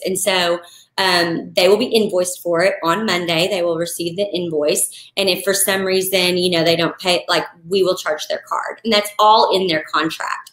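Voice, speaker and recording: A woman, a wedding florist, talking casually on a live stream and answering viewer questions in a chatty, animated way. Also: medium pitch, echoey room. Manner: chatty, animated, acts out clients in quoted voices. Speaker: wedding florist and business coach.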